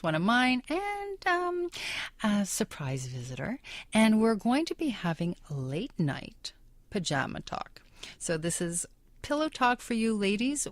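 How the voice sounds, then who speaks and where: A woman's voice: mid-range voice, dry recording. A woman hosting a radio show in a studio, chatting in an upbeat, promotional way. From Canada. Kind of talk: casual radio chat.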